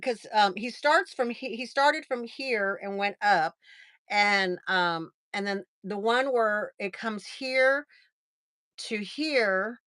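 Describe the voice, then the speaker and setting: A middle-aged American woman chats through a story on her livestream, with a bright, forceful voice pitched a little high. She laughs often and acts out the lines of the people in her story. The sound is dry and close. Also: clear, resonant tone, dry recording. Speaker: livestream host.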